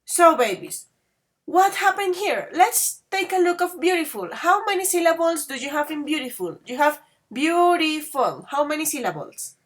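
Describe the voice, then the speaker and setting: A woman teaching an English grammar class, patiently quizzing students and spelling out word endings slowly. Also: sits high, very animated.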